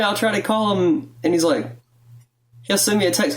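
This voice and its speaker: A woman's voice: on the low side, fast talker. A young adult woman, vlogging at home in a blunt, profane, rambling way, her throat rattly with phlegm. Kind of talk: casual confessional talk to camera. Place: at home, indoors.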